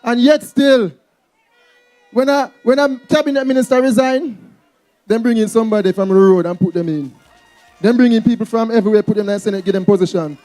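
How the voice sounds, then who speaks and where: A man's voice: high voice, brisk, warm tone, soft background music. A Jamaican man speaking at a campaign rally, rousing the crowd as comrades and introducing the candidate.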